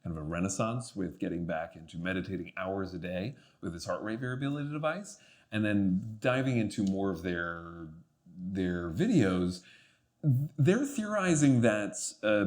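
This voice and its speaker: A man's voice: fairly low pitch, big pitch swings, normal speed, a little mellow. A man as a podcast guest in casual conversation, talking reflectively with many fillers and restarts.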